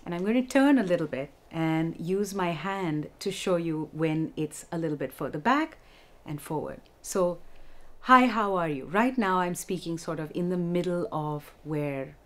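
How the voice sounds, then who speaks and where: A woman vocal instructor giving a music lesson, explaining techniques clearly and demonstrating them. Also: low voice, normal speed.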